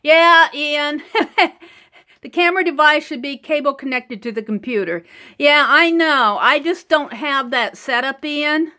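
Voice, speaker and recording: A woman with a high, sharp voice speaks at an unhurried pace while hosting a live art stream. She chats casually as she paints, laughs often, and greets viewers by name. Her computer mic runs over a wireless connection.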